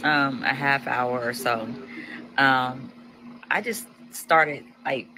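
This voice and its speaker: A woman's voice: a bass voice, slow, noisy background. A woman telling a personal story casually, acting out her own past lines with animation.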